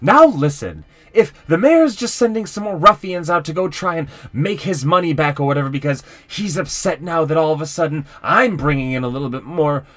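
A man's voice: fairly high pitch, sing-song, fast, fairly bright tone. A man voicing a solemn, touchy older half-elf undertaker in a tabletop game. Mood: irritated. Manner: defensive, rising to irritated.

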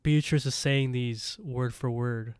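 A man in a casual podcast chat, walking through a story and circling back with lots of "like." His voice sits at an ordinary middle pitch. It sounds dry and close to the mic, with no room around it. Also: steady tone, slow, a little mellow, smooth, no room sound. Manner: rambling, full of "like" fillers and retold dialogue. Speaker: podcast co-host. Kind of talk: casual episode recap chat.

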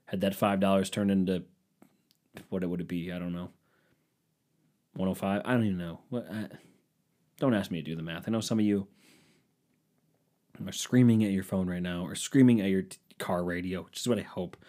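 Sarcastic low-voiced man ranting on podcast. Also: steady tone, fairly quick, pauses often, dark tone. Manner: sarcastic, self-mocking, rambling. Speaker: podcast host. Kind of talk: solo comedic podcast rant.

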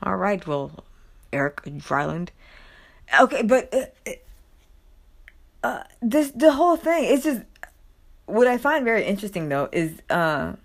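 A woman's voice: mid-range voice, slow, vocal fry, pauses often. A woman giving chatty commentary on a news story, full of fillers and reading quotes aloud. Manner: chatty, filler-heavy, loud animated quotes and laughter. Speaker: commentary vlogger.

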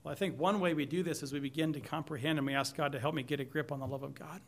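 Earnest man preaching, slightly high voice. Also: steady tone, very fast. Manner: earnest, emphatic preaching with rising and falling intensity. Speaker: pastor. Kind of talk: sermon.

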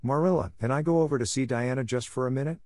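A man's voice: mid-range voice, fast talker, a little mellow, no room sound, studio quality, voice pushed up, natural voice. A man voicing an eager, chatty, imaginative young girl who gushes and pleads breathlessly. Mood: pleading.

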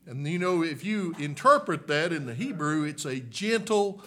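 This revival preacher has a high-pitched, very animated voice, speaking a little slowly with few pauses. He rises from hushed tones to shouted peaks and often repeats "my, listen, friend."

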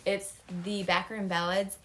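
A woman's voice: mid-range voice, level tone, measured pace, a little hiss or hum. A young woman co-hosting a podcast in casual chat, rambling with lots of fillers and giggles. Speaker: podcast co-host.

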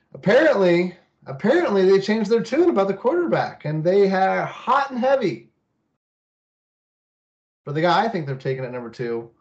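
A man hosting a casual sports podcast, rambling with lots of fillers and quick laughs. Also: high voice, a little mellow. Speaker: podcast host. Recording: slightly muffled mic.

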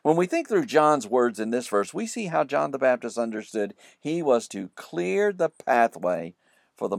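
A man's voice: mid-range voice, gravelly, no echo, studio quality. A man teaching a verse-by-verse Bible study, praying and then explaining each word of the scripture in turn.

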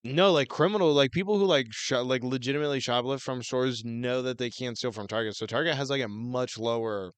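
A young male podcast co-host rambles through casual chat and piles up filler words. His voice is smooth and resonant at a middle pitch. It is recorded dry and close. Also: fairly quick, hardly any pauses, no room sound.

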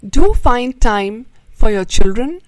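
A woman host reading a children's story aloud, then giving a gently moralizing talk to listeners. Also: on the high side, no echo, low-quality recording. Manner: slow, expressive, gently moralizing.

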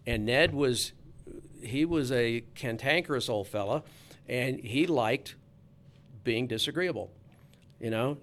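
A man's voice: medium pitch, takes it slowly, long pauses, a bit bright. A man, a sports reporter, telling a casual anecdote in a chatty, easygoing way with frequent restarts.

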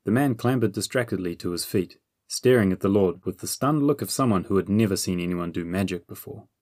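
A man reading a children's fantasy audiobook in a steady, measured way. His voice sits fairly low and the recording is dry and close, with no room sound. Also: no room sound. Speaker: audiobook narrator. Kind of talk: scripted narration.

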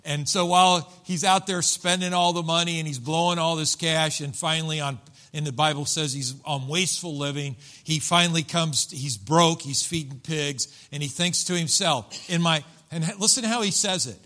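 Man, preacher, bright voice, slightly high, animated storytelling sermon. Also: normal speed. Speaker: pastor.

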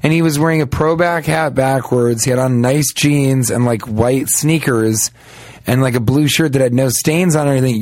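A man's voice: medium pitch, moderate pace, darkish tone, no echo. Comic podcast co-host, male, rambling storyteller with mocking asides, dry close sound. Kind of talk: casual comedic banter.

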